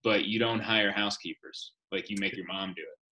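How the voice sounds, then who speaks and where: Bright-toned joking man. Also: fairly low pitch, fairly even intonation, fairly quick. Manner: joking, wry storyteller. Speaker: comedian guest. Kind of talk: casual podcast chat.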